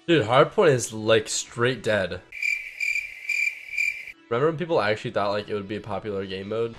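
A man giving live, profane gameplay commentary, mostly laid-back and mumbling, bursting into shouts at big plays. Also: fairly low pitch, moderate pace, over music. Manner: profane, swears constantly. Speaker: gaming channel host.

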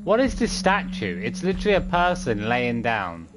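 Young streamer, playful rambling commentary, lively pitch, faint game music under it. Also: male voice, moderate pace. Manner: rambling, playful, hums and does silly sound bits. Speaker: gaming streamer. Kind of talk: casual gameplay commentary.

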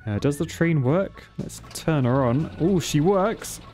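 A man commentating his own gameplay, excitable, swearing and laughing as he goes. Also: fairly high pitch, measured pace, soft background music. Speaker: gaming channel host.

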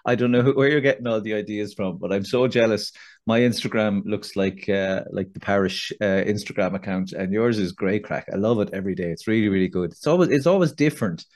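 A middle-aged man with an Irish accent hosts a relaxed podcast conversation. His voice sits fairly low, and he talks in a loose, self-deprecating way, often circling back and restarting his sentences. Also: brisk. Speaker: podcast host. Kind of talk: casual interview chat.

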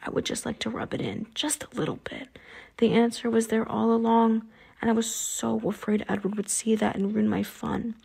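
Soft mocking vampire guy in an audiobook, pleasant but cruel, husky edge, woman doing the voice. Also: fairly high pitch, normal speed, heavily acted. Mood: taunting. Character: cruel smooth-talking male vampire hunter. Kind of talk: audiobook character reading.

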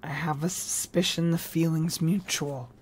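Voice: medium pitch, steady tone, moderate pace, a little hiss or hum, natural voice. An audiobook reader voicing an exhausted, sick teenage boy who pleads wearily with his friends and the police. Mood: pleading. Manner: pleading, weary.

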